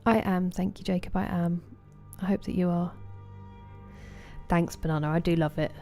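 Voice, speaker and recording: A woman with a southeast English accent chats easily with her live viewers while playing, greeting them one by one. Her voice sits fairly low and sounds mellow and relaxed, and soft music plays faintly underneath. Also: normal speed. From southeast England. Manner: chatty and friendly, greeting viewers by name. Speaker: game streamer. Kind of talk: casual chat with live viewers while gaming.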